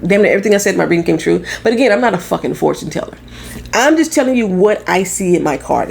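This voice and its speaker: A young adult woman from St. Louis, now living in Florida, with a Midwestern accent gone a bit country, talking loud and blunt in a casual tarot vlog, swearing freely. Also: sits low, gravelly, a little hiss or hum. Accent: Southern-tinged Midwestern American. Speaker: tarot reader.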